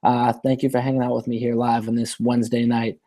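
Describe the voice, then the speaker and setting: A man's voice: medium pitch, level tone, a little fast, mellow. A man hosting a casual live-stream Q&A, reading viewer questions aloud and rambling through his answers with many restarts.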